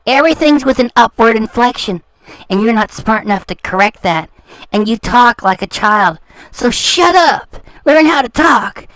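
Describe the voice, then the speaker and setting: A woman's voice: on the high side, expressive, normal speed, fairly bright tone, dry recording. A woman hosting a reaction channel, ranting in a sarcastic, taunting way and repeating words for scorn. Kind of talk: ranting commentary.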